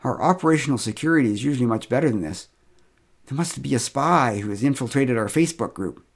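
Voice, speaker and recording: A man's voice: mid-range voice, expressive, fast talker. A man voicing an anxious, apologetic woman birder who speaks in a flustered rush.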